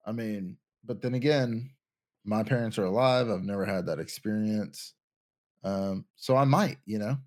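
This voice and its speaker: A young man with a fairly low voice talks casually on a podcast. He rambles and thinks out loud, restarting his sentences as he goes. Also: unhurried. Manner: rambling, many ums and restarts, thinking aloud. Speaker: podcast co-host. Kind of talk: casual chat.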